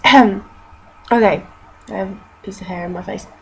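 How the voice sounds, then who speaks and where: A woman's voice: medium pitch, steady tone, fairly quick, gravelly, slight background noise, poor audio. A young woman from Britain with a mixed northern English accent, casually chatting and reading aloud for a vlog, swearing and laughing at her own slips.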